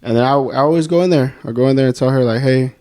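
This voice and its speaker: A man's voice: medium pitch, racing, darkish tone. A young man co-hosting a podcast, talking in a laid-back, slangy, plain-spoken way. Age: young adult. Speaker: podcast co-host. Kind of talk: casual chat.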